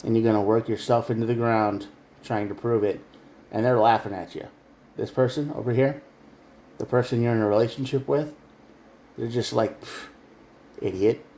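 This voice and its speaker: A man's voice: mid-range voice, steady tone, normal speed, long pauses, warm tone, a little hiss or hum. A man giving a tarot reading straight to the viewer, earnest and emphatic. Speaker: tarot reader. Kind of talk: direct-to-camera tarot reading.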